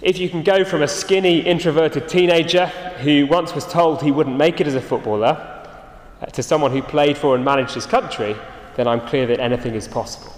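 A man preaching a sermon, earnest and emphatic, his phrases often sinking soft and low at the end. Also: brisk. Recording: echoey hall, reverberant.

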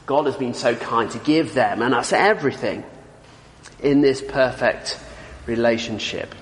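A man's voice: medium pitch, unhurried. A man preaching a sermon, emphatic, putting rhetorical questions to his listeners. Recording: echoey hall with long reverb.

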